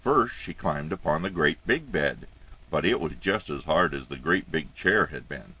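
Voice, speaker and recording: Deep, playful grandfatherly storyteller. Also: moderate pace, slightly rough, rough recording. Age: older. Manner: playful, expressive storytelling with asides. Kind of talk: storybook reading aloud.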